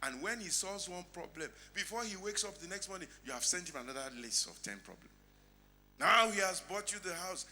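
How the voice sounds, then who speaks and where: A middle-aged Nigerian man preaching a sermon as pastor, dropping to quiet asides and then shouting lines out. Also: a little fast, a little hiss or hum. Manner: animated preaching, swinging between low asides and shouted lines.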